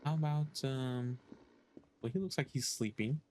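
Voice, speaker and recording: A man's voice: mid-range voice, unhurried, darkish tone, slight background noise. Man thinking aloud over a game. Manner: hesitant, thinking aloud with many ums. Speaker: gaming streamer. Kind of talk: casual let's-play commentary.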